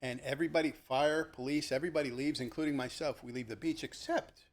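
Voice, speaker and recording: An older man, a retired police lieutenant, telling stories from his career in a conversational podcast interview and animatedly acting out the people in them. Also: fast talker. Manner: animated, acts out the people in his stories with sharp jumps in pitch; conversational, with fillers and restarts. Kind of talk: podcast storytelling.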